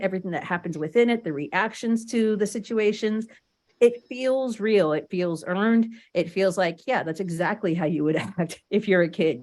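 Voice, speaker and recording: Chatty woman with a lowish voice. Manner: chatty, animated opinion-giving with fillers. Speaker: co-host. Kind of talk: casual chat.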